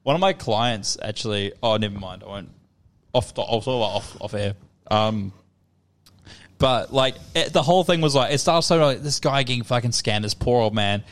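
A man's voice: medium pitch, normal speed. A man co-hosts a casual podcast. He tells stories in a crude, mocking way and swears freely. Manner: crude, joking storytelling. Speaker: podcast co-host. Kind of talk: casual chat.

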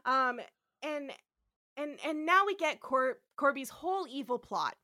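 A woman co-hosting a podcast, recapping an episode in casual chat, animated and swearing freely as she acts out the characters' lines. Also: high voice, a little slow. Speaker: podcast co-host.

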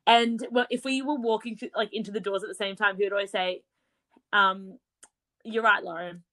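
A woman's voice: mid-range voice, dry recording. A young Australian woman co-hosting a podcast, chatting casually and laughing easily as she tells anecdotes. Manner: giggly, animated, quick to laugh. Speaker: podcast co-host. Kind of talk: casual chat.

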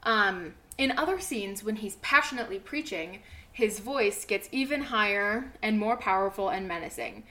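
A young woman co-hosting a casual podcast chat, reading an article aloud in a loud, animated way that breaks off into asides. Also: medium pitch, normal speed. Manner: loud and animated, laughing, trailing off. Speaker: podcast co-host.

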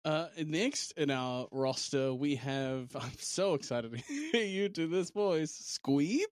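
Playful, lively New man. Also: fairly high pitch, takes it slowly, dry recording, clean studio sound. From New Zealand. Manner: playful, laughing, teasing. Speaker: podcast co-host and game master. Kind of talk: casual chat.

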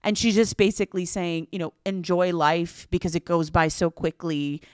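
A woman's voice: fairly low pitch, moderate pace, clean tone, no echo, studio quality. A woman co-hosting a podcast in casual chat, enthusiastic and emphatic, easily moved. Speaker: podcast co-host.

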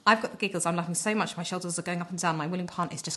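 A woman's voice: lowish voice, fairly even intonation, rapid-fire, few pauses, fairly bright tone, a little hiss or hum. A woman in her thirties co-hosting a podcast, telling rambling stories and prone to giggles. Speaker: podcast co-host. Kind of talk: casual chat.

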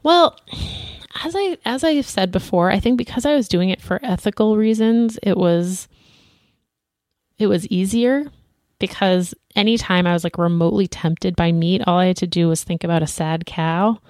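A woman co-hosting a casual chat show, relaxed and chatty, with lots of ums and easy laughter. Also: medium pitch, normal speed, no room sound, clean studio sound. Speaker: podcast co-host.

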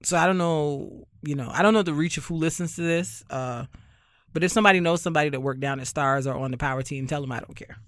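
Sardonic, rambling man with higher voice. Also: fast, fairly bright tone, no echo, studio quality. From Barbados. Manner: sardonic, rambling, heavy on fillers. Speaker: podcast host. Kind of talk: casual chat.

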